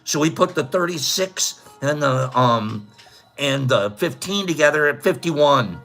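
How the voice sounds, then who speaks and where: A man's voice: a little high, lively intonation, unhurried, vocal fry, a bit bright, faint music behind. A man hosting a casual livestream trivia contest, chatting with viewers, joking and laughing at his own jokes.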